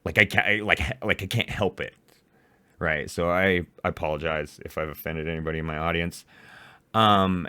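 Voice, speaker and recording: A man's voice: low voice, fairly bright tone, smooth, no room sound. An adult man ranting angrily in a profane reaction commentary, recorded close on a mic. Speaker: commentary YouTuber.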